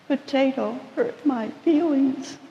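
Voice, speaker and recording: A man voicing a hurt young flamingo in a children's story, speaking softly and wounded. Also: very high voice, slow pace, creaky, highs cut off, pitched above the performer's own voice, exaggerated voice. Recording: echoey church sanctuary.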